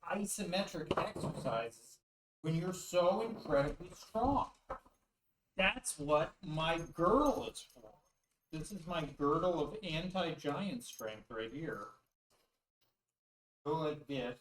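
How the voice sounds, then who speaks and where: A man's voice: fairly high pitch, animated, slow pace. A man hosting a casual joking vlog, full of puns and crude asides, while he does weighted exercises. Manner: jokey, punning, crude asides. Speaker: YouTube host. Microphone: camera mic from a distance. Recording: roomy echo, far from the mic, faint noise.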